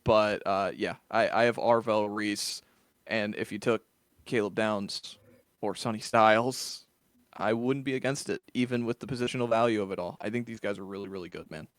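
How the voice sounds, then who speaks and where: A man's voice: on the low side, steady tone, normal speed, dry recording, clean studio sound. A man co-hosting a football podcast, chatting casually and loosely, often restarting his sentences. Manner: loose, conversational, many restarts. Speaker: co-host. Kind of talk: casual chat.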